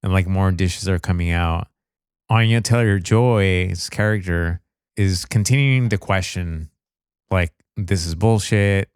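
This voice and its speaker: A man chats casually on a podcast, relaxed and unhurried, with "you know" fillers. His voice is very deep, smooth and clear. The recording is dry and close-miked. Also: no room sound. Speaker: podcast co-host. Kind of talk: casual movie review chat.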